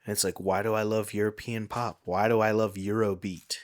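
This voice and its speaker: A man's voice: on the low side, a little fast. A man hosting a comedy podcast, rambling through a story in casual chat with lots of fillers. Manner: rambling, animated, filler-heavy. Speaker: podcast host.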